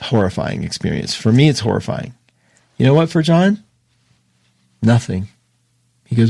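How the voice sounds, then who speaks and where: A man hosting an astrology show, talking casually and emotionally, opinionated and quick to laugh. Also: medium pitch, very animated, vocal fry, darkish tone, breathy edge, no room sound, clean studio sound. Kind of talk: casual livestream talk.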